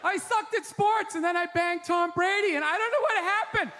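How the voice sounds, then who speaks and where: A man's voice: very high voice, normal speed, sharp tone, pitched above the performer's own voice. A man voicing a giddy woman who bragged her way from athlete's wife to star player, speaking in a breathless, bragging way, in a live show hall with crowd noise behind.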